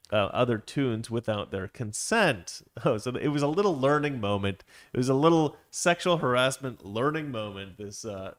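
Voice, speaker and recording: A man's voice: mid-range voice, fairly bright tone. A young man hosting a show, giving casual, sarcastic commentary with frequent laughs. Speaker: show host.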